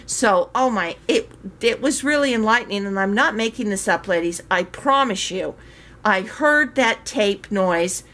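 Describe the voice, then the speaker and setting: An older woman casually telling a story to her viewers, chatty and animated, acting out the quoted voices. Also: mid-range voice, normal speed. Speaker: reborn doll maker vlogger.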